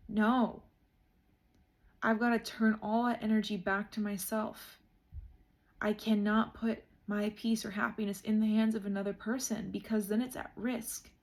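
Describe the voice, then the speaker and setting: Young woman vlogger, mid pitch, gravelly fry, earnest and emotional. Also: darkish tone. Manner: emotional, heartfelt, says "like" a lot. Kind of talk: reflective casual chat.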